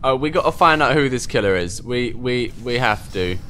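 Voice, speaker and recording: A man giving excitable live commentary on his own gameplay, quick to get worked up and swear at other players. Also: medium pitch, a little hiss or hum. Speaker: gaming video host.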